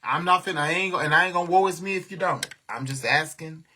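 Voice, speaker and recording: A man hosting a casual livestream, talking candidly, venting his frustrations, trailing into soft asides and thanking viewers by name. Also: fairly high pitch, fast, slight background noise. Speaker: livestream host.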